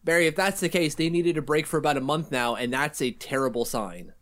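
A man co-hosting a casual sports podcast, animated and joking with his partner. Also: fairly high pitch, a little fast. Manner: animated, jokey, reads ad copy. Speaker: podcast co-host.

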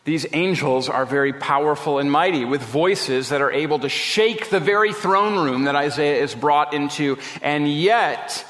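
A man preaching a sermon as a pastor, slow and emphatic with dramatic pauses. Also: on the high side, fairly bright tone, big-room sound. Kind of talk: radio sermon.

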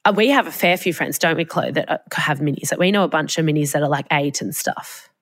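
A young Australian woman with a low voice chats through a long personal story as a podcast co-host. She rambles along with plenty of "like" and the odd swear word, in a relaxed, open way. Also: fast. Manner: chatty storytelling, swears freely, lots of "like". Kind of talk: casual chat. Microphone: podcast mic, remote call.

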